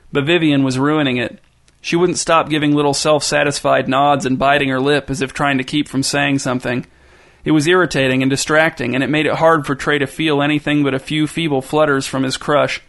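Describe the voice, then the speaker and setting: A man reading a story aloud as narrator, with even, wry narration. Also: on the high side.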